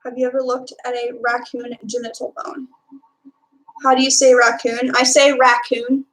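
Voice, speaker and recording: A woman's voice: a little high, little pitch movement, normal speed, rough recording. A young woman from Texas with a Texan accent, chatting casually on a live stream and answering her chat. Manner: chatty, reads and answers chat, filler-heavy.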